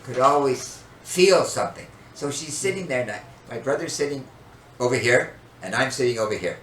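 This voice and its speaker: Older guy hosting a podcast, big animated storyteller, roomy far-off sound. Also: medium pitch, moderate pace. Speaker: podcast co-host. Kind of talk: storytelling in casual chat. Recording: echoey room, distant mic, faint noise.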